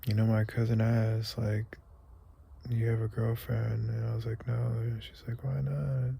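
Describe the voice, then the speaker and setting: A man's voice: on the low side, monotone, measured pace, vocal fry, dark tone, husky. A young man from the United States talking through a rambling, emotional confessional vlog, close to tears and sometimes dropping to a whisper. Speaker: vlogger.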